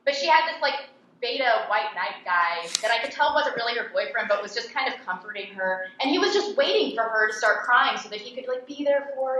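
A woman's voice: fairly high pitch, lively intonation, fast, sharp tone, a little hiss or hum. Blunt, sarcastic woman in an echoey room. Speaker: political commentator and podcast host. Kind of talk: opinionated interview answers. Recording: echoey, dull-toned room recording.

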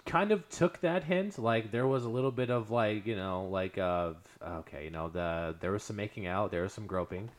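A man's voice: fairly low pitch, normal speed, hardly any pauses. A young man co-hosting a casual podcast, hesitant, with many ums and nervous laughs. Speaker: podcast co-host.

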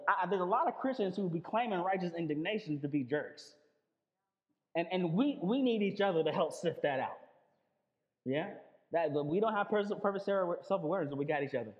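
Male pastor, high-pitched, chatty sermon delivery with repeated words; reverberant, muffled recording. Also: lively intonation, brisk. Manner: conversational, repeats words, calls on listeners with 'listen'. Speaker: preacher. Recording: long reverb, dull lo-fi sound.

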